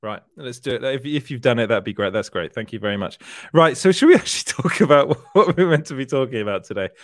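A man's voice: mid-range voice, animated, quick pace, no echo, studio quality. A man hosting a casual livestream, reading out viewer comments and chatting, laughing often and rambling a little. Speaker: livestream host, entertainment journalist.

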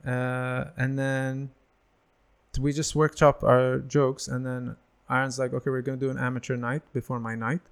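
A man's voice: mid-range voice, normal speed, smooth. A man in his thirties, a stand-up comedian, telling stories in casual chat and acting out the voices of people he quotes. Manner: animated, acts out quoted voices.

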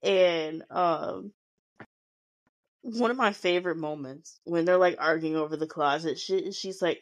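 A woman's voice: fairly low pitch, a little slow. Chatty, foul-mouthed woman podcaster. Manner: chatty, swearing freely, acting out quotes. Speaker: podcast host recapping a show. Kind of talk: casual recap chat.

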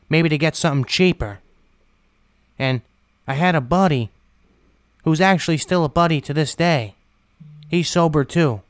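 A man tells his personal recovery testimony bluntly and without polish, letting a few casual curse words slip. His voice sits a touch high, smooth and clear, in a dry, close recording with no room around it.

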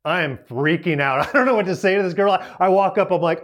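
A man in his forties giving a storytelling talk as a youth speaker, animated and poking fun at himself as he laughs through it. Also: a little high, a little fast, hardly any pauses. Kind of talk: storytelling talk to a young audience.

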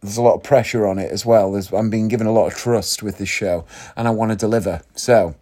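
Talking fast in a fairly low, steady, mellow voice, a male vlogger from Northeast England rambles chattily to camera. He leans on tag questions such as "isn't it?" at the ends of his sentences.

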